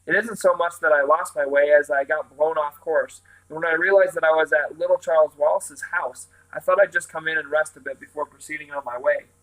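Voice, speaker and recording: A quaint, whimsical old woman with a chirpy manner and a slightly high voice, as a male reader puts her on. She talks in an old-fashioned, fanciful way, as in a storybook read aloud. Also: fairly even intonation, a little fast, few pauses, a bit bright, no room sound, close to an everyday voice, poor audio. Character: eccentric old woman visitor, bundled and whimsical.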